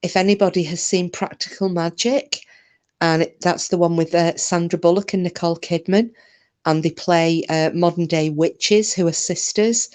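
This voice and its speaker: A woman's voice: on the low side, steady tone, normal speed, a little mellow. British woman, live-stream host, chatty and rambling, casual, answers comments by name. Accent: British English.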